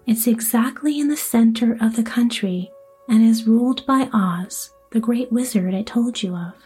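A kindly old good witch, read by a woman, speaking in a gentle, motherly way. The tone is mellow and a little breathy. A faint bed of music plays underneath. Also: a little high, normal speed.

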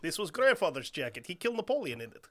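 A man's voice: a little high, sing-song, fast, fairly bright tone. A man voicing a boastful man in broken English. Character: gruff Russian man boasting about grandfather.

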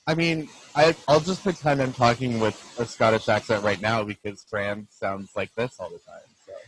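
A man's voice: mid-range voice, fairly even intonation, moderate pace, fairly bright tone, slight background noise. A man hosting a podcast in casual chat, teasing and laughing often, heard through a poor-quality mic on a video call. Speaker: podcast host.

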